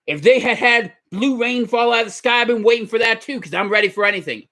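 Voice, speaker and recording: A man putting on a deep, gravelly voice to play a loud parody talk-show host who preaches and rants. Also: quick pace. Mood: bombastic.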